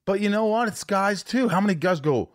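A man's voice: high voice, animated, a little fast, dry recording, clean studio sound. A man hosting a podcast in casual interview chat, swearing freely and acting out voices when he tells stories. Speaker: podcast host.

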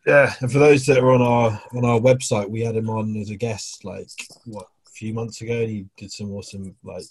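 A man's voice: lowish voice, fairly even intonation, fairly quick, breathy edge. A man hosting a podcast in an easygoing, casual chat, with a lot of fillers and restarts as he wraps things up. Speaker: podcast host.

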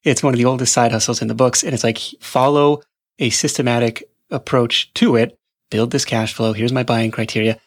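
A man hosting a podcast interview, talking in a relaxed, affirming way. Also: mid-range voice, fairly quick. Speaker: podcast host.

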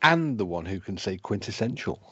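A man with a British accent co-hosting a podcast, talking in a dry, measured way and pausing as he looks for words. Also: fairly low pitch, big pitch swings, a bit bright, husky, muffled recording. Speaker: co-host. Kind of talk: casual podcast chat.

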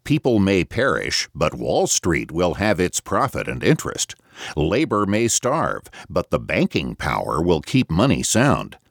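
A man narrating an audiobook, voicing a shrill, anemic male agitator who shouts a rant against the banks. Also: wildly swooping pitch, measured pace, creaky, no room sound, studio quality, heavily acted. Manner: ranting, shouting.

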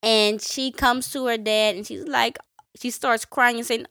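A woman co-hosting a podcast, recounting stories in casual conversation with frequent fillers and quick asides. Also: fairly high pitch, steady tone, pushed and bright, no room sound, studio quality. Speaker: podcast co-host. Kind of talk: casual storytelling chat.

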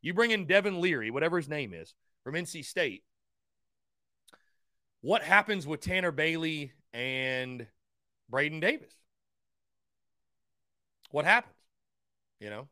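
A young man hosting a call-in sports talk show, high-energy and rambling, often stumbling over his words as he gets worked up. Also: lively intonation, unhurried, pauses often, bright, forceful tone, no room sound, studio quality. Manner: stammering restarts. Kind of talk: call-in sports radio chat.

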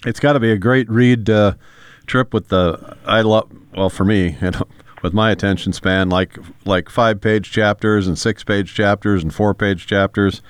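A man's voice: on the low side, steady tone, moderate pace, clean tone, dry recording. A man hosting a radio interview in an easygoing, chuckling way. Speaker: radio show host. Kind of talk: casual interview.

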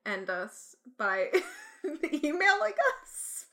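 A young Canadian woman co-hosting a podcast in casual chat, sarcastic and quick to laugh. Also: high voice, sing-song, sharp tone. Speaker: podcast co-host.

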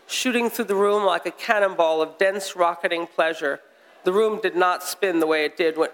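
An American author, a man, reading a passage aloud with measured, wry storytelling, then chatting onstage. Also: high voice, a bit bright. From United States. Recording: long hall reverb.

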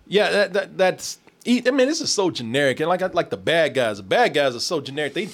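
Man, casual movie chat, lively swinging pitch, slightly high voice, profane and jokey. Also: brisk. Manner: animated, profane, laughing storyteller.

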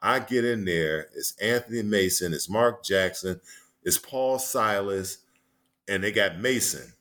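A man in his sixties with a low, deep voice, a former basketball player and coach, tells stories as a guest in a relaxed interview. He rambles from memory to memory, leaning on "you know" and quick restarts. His delivery is easygoing and conversational.

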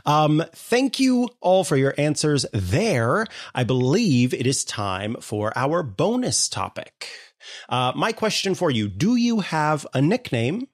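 A man's voice: mid-range voice, dry recording, studio quality. A man hosting a podcast panel, chatting casually and then reading the show's wrap-up. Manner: friendly, hosts the segments and reads the outro. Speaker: podcast host.

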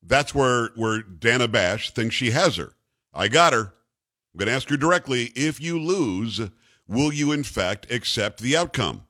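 Man hosting talk radio, lively pitch. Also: a little slow. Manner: rhetorical, questioning, emphatic.

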